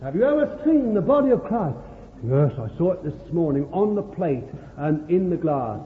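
A man's voice: fairly high pitch, big pitch swings, normal speed, slight background noise. A man preaching a sermon to a congregation, fervent and exclamatory, calling out to his listeners. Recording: echoey hall, tinny lo-fi line.

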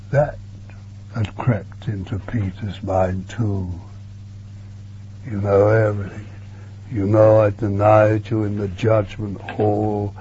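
A man preaching a sermon in an earnest way, repeating words and sometimes dropping to a hush, on a dull lo-fi recording with a faint hum. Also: lowish voice, flat delivery, takes it slowly, long pauses.

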